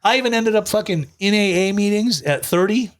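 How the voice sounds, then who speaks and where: A recovery coach telling his story as a guest, in a profane, animated, streetwise way. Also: high voice, fairly quick. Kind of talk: casual storytelling.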